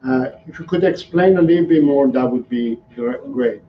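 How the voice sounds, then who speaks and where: A man's voice: mid-range voice, normal speed, a little hiss or hum. Earnest man in a roomy livestream. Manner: earnest, repetitive, explanatory. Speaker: dog trainer. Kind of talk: live Q&A answering viewer questions. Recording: roomy, slightly dull livestream audio.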